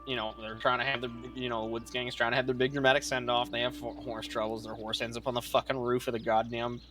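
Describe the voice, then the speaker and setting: A young man in character in a western roleplay game, retelling events in a profane, animated storytelling manner. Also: mid-range voice, fast talker, music in the background.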